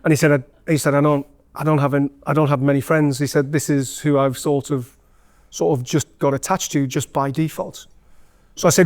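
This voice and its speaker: A man's voice: fairly high pitch, fairly even intonation, a little fast. A man with a Geordie accent, a former company chief, giving a chatty, self-deprecating talk full of stories to a room of people. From North East England. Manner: chatty, self-deprecating storyteller with many fillers. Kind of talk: live anecdotal talk to an audience. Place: event room with an audience.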